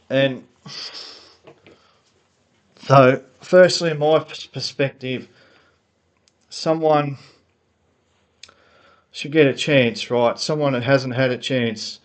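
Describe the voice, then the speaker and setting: A man's voice: mid-range voice, very slow, pauses often. Heated man ranting into his laptop. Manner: heated, rambling, repeats words and restarts, grows more worked up. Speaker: motorsport fan vlogger. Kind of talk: unscripted opinion rant. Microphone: laptop built-in mic.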